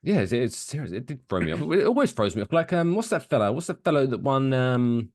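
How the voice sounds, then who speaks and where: A man co-hosting a podcast talks in a mid-range voice at a slightly quick pace, recorded with studio quality and no echo. He chats casually, animated and rambling through his stories, swearing plenty along the way.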